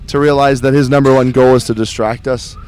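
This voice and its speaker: A man's voice: medium pitch, fairly even intonation, brisk, a little mellow, clean tone. A man earnestly talking about his faith in a casual interview, often repeating words as he goes.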